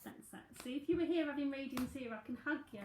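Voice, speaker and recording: A chatty woman in her forties with a South London accent, talking in a slightly high voice as she gives readings and answers questions. Her breezy, aside-filled talk rings out in a roomy, echoey space. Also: fast talker, a little mellow, slight background noise. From South London, England. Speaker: psychic medium and tarot reader. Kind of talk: live-streamed psychic reading and chat. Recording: echoey room.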